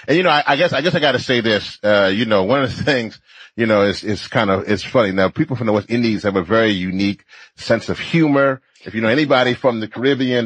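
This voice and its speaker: A man's voice: mid-range voice, slightly rough, no room sound, low-quality recording. A man from Louisiana co-hosting a talk show in a studio, rambling and joking with many restarts. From Louisiana, family from Trinidad. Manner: rambling, jokey, frequent restarts. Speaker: co-host. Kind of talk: casual talk show chat.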